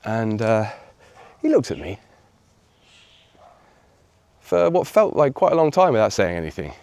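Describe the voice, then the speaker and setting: An English man tells a personal story for his video channel, his voice sitting a little low. He speaks reflectively and grows lively when he quotes other people. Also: unhurried, creaky, smooth, no echo. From England. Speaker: vlogger.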